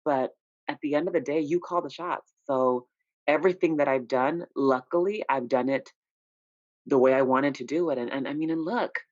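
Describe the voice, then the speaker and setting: An independent recording artist, appearing as a guest in a casual interview, speaks candidly about his career at normal speed, telling stories full of "you know" asides. His voice is on the high side, and the sound is dull, lo-fi and dry without room echo.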